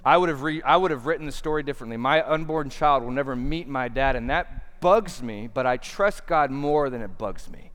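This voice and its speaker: A man in his thirties preaches with earnest conviction. His voice is smooth and resonant, and it carries a long reverb from a large hall. He drops to a near hush, then swells to emphatic points. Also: medium pitch, brisk, hardly any pauses. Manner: earnest, swings between hushed and emphatic. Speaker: pastor. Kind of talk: sermon.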